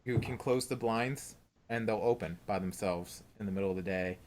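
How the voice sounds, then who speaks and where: A man's voice: on the low side, moderate pace, darkish tone. A young man on a casual podcast, rambling through ghost stories about his family house and acting out the quotes. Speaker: podcast co-host.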